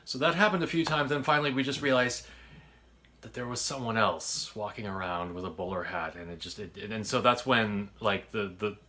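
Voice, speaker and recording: A man's voice: fairly low pitch, brisk, bright, forceful tone. A man telling a casual story about making his sketch, rambling with lots of restarts and fillers and casual swearing. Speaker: filmmaker recounting his sketch.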